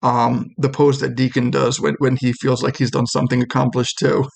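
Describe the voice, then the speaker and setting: Gravelly game master narrating. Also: male voice, mid-range voice, flat delivery, normal speed. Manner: rambling, many restarts.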